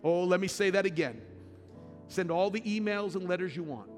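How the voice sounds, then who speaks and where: A man's voice: sits high, moderate pace. A middle-aged male pastor preaching a sermon, building to emphatic, repeated lines. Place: church sanctuary. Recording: long hall reverb with faint music.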